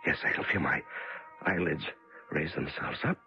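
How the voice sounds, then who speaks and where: An actor playing a frightened male prisoner alone in a dark cell, muttering to himself in halting bursts between panic and hush, in an old radio drama. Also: a bass voice. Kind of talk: 1950s radio drama acting. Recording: lo-fi old radio recording with music.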